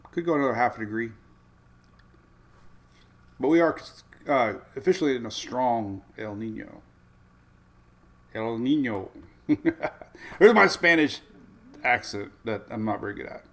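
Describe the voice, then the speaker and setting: A middle-aged man chatting on a casual weather livestream from a home studio. He rambles and thinks aloud, dropping plenty of ums and uhs. His voice sits at an ordinary mid pitch. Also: fairly bright tone. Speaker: weather show host.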